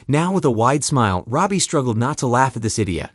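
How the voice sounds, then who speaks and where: A man narrating a dramatic story in an expressive, scripted reading. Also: mid-range voice, fairly quick, few pauses, dry recording, clean studio sound.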